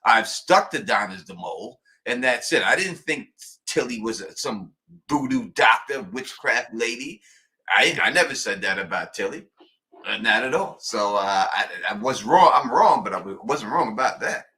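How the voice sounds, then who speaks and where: A man co-hosting a show, talking in an animated, emphatic way and repeating his points. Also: medium pitch, normal speed. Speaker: podcast co-host. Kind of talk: casual chat.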